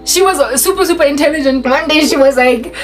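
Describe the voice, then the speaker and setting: Animated woman telling a story. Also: high voice, brisk, faint music behind, low-quality recording. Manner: animated, laughs often while telling. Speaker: YouTuber. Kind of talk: storytelling vlog.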